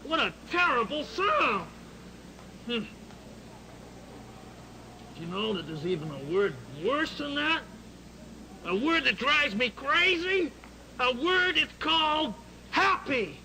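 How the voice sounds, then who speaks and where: Fields: Figure: a gravelly grumpy grouch. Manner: grumbling. Acting: high, slow, strongly characterized. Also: male voice, sing-song, bright, forceful tone, a little hiss or hum, heavily acted, rough recording. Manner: gruff, grumbling, sour. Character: grumpy male trash-can grouch, hates happiness. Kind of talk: puppet show monologue.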